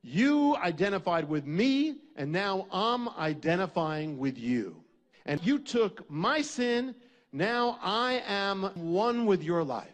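Man preaching, high-pitched and animated, building emphatic repeated phrases. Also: takes it slowly. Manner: emphatic, repetitive preaching cadence. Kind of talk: sermon.

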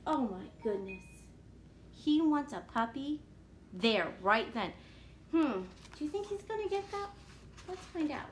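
A woman teacher reading a picture book aloud to children, animated and often asking them questions. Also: a little high, a little slow, a little hiss or hum. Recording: echoey room.

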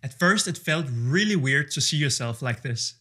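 Guy in his 30s, slightly husky, kinda high voice, chatty and self-deprecating, soft music underneath. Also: lively intonation, moderate pace. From Denmark. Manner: conversational, self-deprecating and candid. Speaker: video creator testing AI tools. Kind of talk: casual vlog talk. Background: faint background music.

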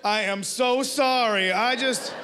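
A man voicing an earnest, apologetic fan of a restaurant appetizer who pleads in a half-shouted, overexcited way, during a live stand-up set with audience noise. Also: very high-pitched, takes it slowly, pitched above the performer's own voice, full character voice.

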